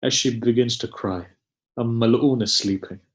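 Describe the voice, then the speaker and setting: A man preaching a mournful sermon in a mid-pitched voice, neither high nor low. He tells the story slowly and with grief, leaning on long dramatic pauses. At the most painful moments his voice sinks nearly to a hush. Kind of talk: mournful majlis sermon narration.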